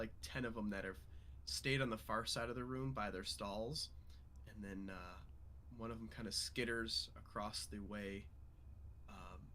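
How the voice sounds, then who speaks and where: A man with a fairly low voice narrates a tabletop game as its dungeon master. He talks loosely and easily, with plenty of fillers. Faint background noise sits under him. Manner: relaxed, loose, many fillers.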